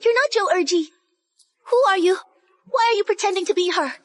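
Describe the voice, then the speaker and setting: Proud, desperate young noble lady in a cartoon drama, very high and shrill,. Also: brisk. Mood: suspicious. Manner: shrill, pleading, emotional.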